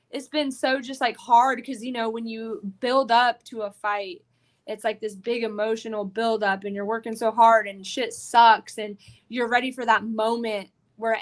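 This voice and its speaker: Woman fighter guest, fairly high voice, animated and salty, chatty podcast storytelling. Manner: animated, profane storytelling full of "like". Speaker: bare-knuckle fighter guest. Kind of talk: casual podcast interview.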